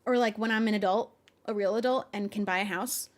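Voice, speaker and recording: A young adult woman streaming, chatting casually with her viewers in an animated, often exasperated way and laughing a lot. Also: mid-range voice, fairly quick. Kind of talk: casual live-stream chat.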